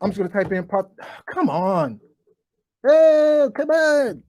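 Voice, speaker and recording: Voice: medium pitch, very animated, slow pace, a little mellow, no echo, studio quality. A host giving a profane, preachy monologue to viewers, stuttering as they go, talking into a desk microphone. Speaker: online show host. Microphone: desk microphone, bumped while talking.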